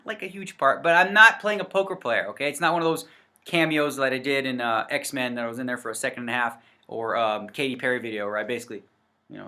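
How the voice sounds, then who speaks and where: A man's voice: mid-range voice, pushed and bright. A man giving a casual, rambling rant to camera on a vlog, full of fillers and self-corrections. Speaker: poker vlogger. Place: indoors in front of a set backdrop. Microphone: facing the camera.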